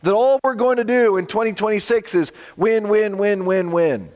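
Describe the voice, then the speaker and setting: A man preaching a sermon with a slightly croaky voice, earnest and emphatic, slowing for dramatic drops. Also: sits high, a little mellow. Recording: long hall reverb.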